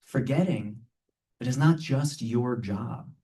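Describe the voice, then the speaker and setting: A man gives a conversational spiritual talk to a live audience in a medium-pitched, expressive, dark voice, speaking slowly and picked up by a distant mic. He is playful yet earnest and often checks in with a rhetorical "right?"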